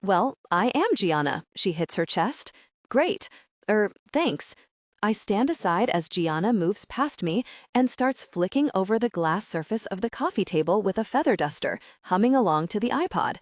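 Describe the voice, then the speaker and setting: A woman narrating a first-person audiobook in an animated, expressive way, with her pitch moving freely. Her voice sits mid-range for a woman. The close studio recording is dry. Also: normal speed, few pauses, no echo.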